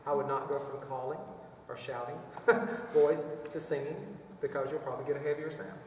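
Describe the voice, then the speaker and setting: Heard at a distance in an echoey hall, a man teaches a children's choir workshop in a chatty, wandering way, throwing in playful vocal demos. He has a medium-pitched, darkish voice with fairly even intonation and normal speed, plus slight background noise.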